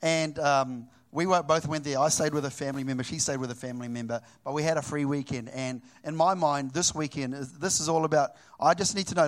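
A middle-aged man from New Zealand preaching, telling a personal story with animated delivery and acting out both sides of the dialogue. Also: on the high side, fairly quick, hardly any pauses.

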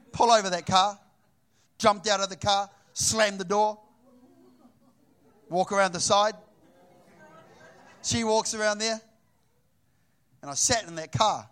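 Here a middle-aged preacher from New Zealand recounts something that happened to him, animatedly voicing each person in the exchange. His pitch runs high.

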